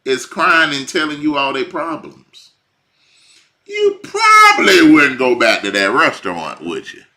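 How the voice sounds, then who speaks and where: A man preaching informally, swinging from hushed lines to near shouting. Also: fairly high pitch, wildly swooping pitch, measured pace. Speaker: bible teacher.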